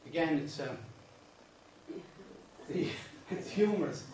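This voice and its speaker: An Irish man teaches a song workshop in a very echoey classroom, patiently explaining verse patterns, restarting again and again, and singing lines. His voice is mid-range and darkish, a little slow. The distant room mic leaves him off-mic, with slight background noise.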